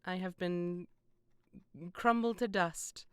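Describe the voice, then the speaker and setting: A woman's voice: fairly low pitch, steady tone, slow pace, a bit bright, smooth, dry recording, studio quality. A young British woman streaming a game, chatting casually in a rambling, self-deprecating way with frequent laughs. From Britain. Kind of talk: casual gameplay stream chat.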